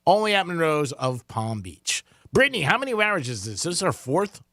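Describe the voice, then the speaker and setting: Animated male co-host, bright tone, dry studio mic, casual banter. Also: a little high, brisk, no room sound. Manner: animated, rambling, chatty. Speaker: radio co-host. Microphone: studio microphone.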